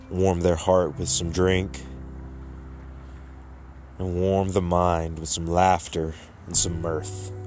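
A man telling a joke as a story, unhurried with drawn-out pauses. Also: sits low, darkish tone.

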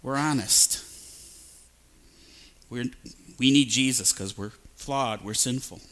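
A male pastor giving a lively sermon, sometimes imitating babbling sounds to make a point. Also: medium pitch, slow. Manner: animated, mimics babbling sounds. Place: church sanctuary.

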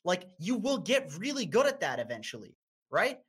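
A man's voice: fast talker, breathy edge. Twenties guy from north america, loose podcast chat, cusses a lot, voice jumps way up when he gets worked up. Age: 20s. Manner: animated, profane storyteller with sudden high-pitched outbursts. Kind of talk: casual chat.

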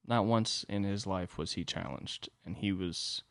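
A man's voice: deep voice, measured pace, clear, resonant tone, no room sound, clean studio sound. A young adult man hosting a solo podcast, telling a comedic story with profane, rambling asides. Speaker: podcast host.

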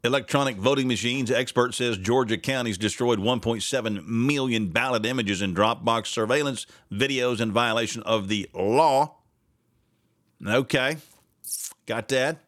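A man's voice: medium pitch, moderate pace, a bit bright, no echo, studio quality. A man hosting a casual political commentary podcast, sarcastic and rambling, laughing often. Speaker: podcast host.

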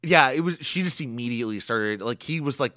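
A young man co-hosts a podcast recapping a reality show, chatting casually and rambling with lots of fillers and frequent laughs. His medium-pitched voice is expressive, fairly quick, pushed and bright. The sound is clean studio audio with no echo.

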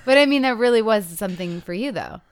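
A woman's voice: animated, fast, dry recording, studio quality. A woman in her thirties co-hosting a casual podcast, chatty and acting out the quotes she tells. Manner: chatty, acts out quotes with big pitch jumps. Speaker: podcast co-host.

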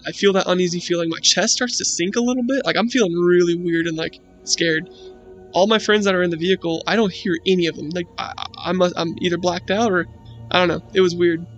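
A man's voice: high voice, fairly even intonation, fairly quick, lo-fi sound, soft background music. A young man casually telling a spooky story about his friends, rambling and swearing, with lots of "like". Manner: profane, rambling, heavy use of "like".

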